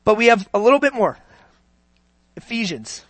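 A preacher in full sermon mode who leans hard on key words, stretching them out loud, then drops to almost a hush. The sound is close and dry, with no room echo. The pitch sits in a middle range. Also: very animated. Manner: dramatic swings from loud emphasis to near-whispers; slow, drawn-out stresses on key words.

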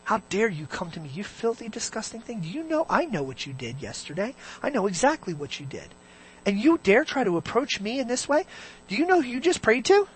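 A preacher voicing a harsh, condemning divine figure who hisses accusations in a low, hushed voice. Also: big pitch swings, brisk, slightly rough, low-quality recording. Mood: contemptuous.

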